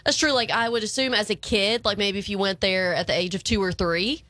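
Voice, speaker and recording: A woman co-hosting a radio morning show, playful and quick to giggle in casual banter. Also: mid-range voice, sharp tone, no room sound.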